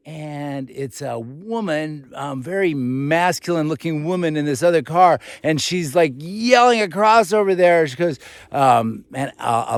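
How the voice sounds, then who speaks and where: A man casually telling a rambling story to camera outdoors in a forest, chatty and quick to laugh. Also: a little high, no echo. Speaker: vlogger.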